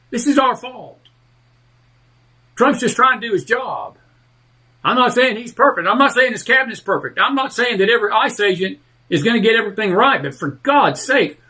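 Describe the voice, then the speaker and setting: A male talk radio host ranting through heated political commentary, fired up and leaning hard on drawn-out emphatic words. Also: high-pitched, a bit bright.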